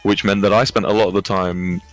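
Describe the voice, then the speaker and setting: A man's voice: lowish voice, flat delivery, a little fast. A young man with an English accent chatting casually, rambling through anecdotes with frequent laughter and casual swearing. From England. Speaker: streamer telling stories. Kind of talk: casual chat.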